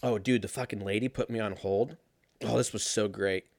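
A man's voice: on the low side, steady tone, moderate pace, vocal fry, a little mellow, no room sound, studio quality. Profane, sarcastic young man ranting. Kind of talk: casual storytelling rant.

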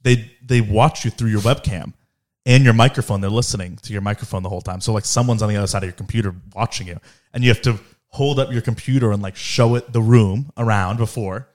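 Twenties man, lowish voice, frank, casual, swears freely. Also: fast, a little mellow. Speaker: co-host, law school applicant. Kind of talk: casual family chat.

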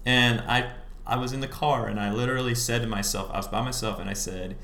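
A man, a musician guest on a podcast, telling the story behind his song in a relaxed way, full of fillers. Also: medium pitch, brisk, reverberant, slight background noise. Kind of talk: casual podcast interview.

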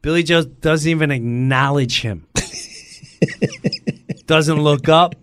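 A middle-aged man telling a story in a casual chat, animated and acting out every voice. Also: fairly high pitch, slow, clean tone, no echo.

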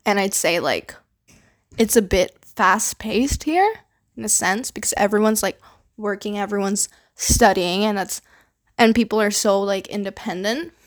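A woman's voice: medium pitch, measured pace. A young woman from the Philippines talks through her own story on a podcast in a loose, rambling way. She leans on filler words constantly and drops casual swears as she goes. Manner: rambling, heavy use of fillers like "like" and "you know". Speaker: podcast host. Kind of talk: casual personal monologue.

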